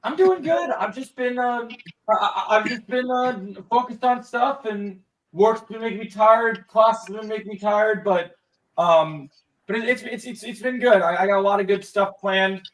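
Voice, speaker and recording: A young man hosting a casual livestream, talking in a rambling way full of restarts and repeated words. His voice sits high. He sounds set back from the microphone. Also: normal speed, fairly bright tone, recorded from a distance, low-quality recording. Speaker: livestream host.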